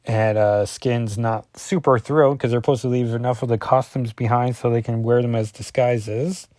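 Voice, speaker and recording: A man's voice: fairly low pitch, mellow, no room sound. A man casually reviewing a comic book page by page, rambling and often correcting himself with lots of ums.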